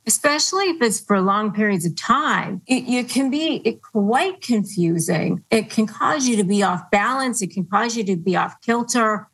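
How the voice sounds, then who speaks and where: A woman's voice: fairly high pitch, poor audio. A woman hosting an advice podcast, explaining in an earnest, patient way and quoting phrases as examples. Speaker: podcast host.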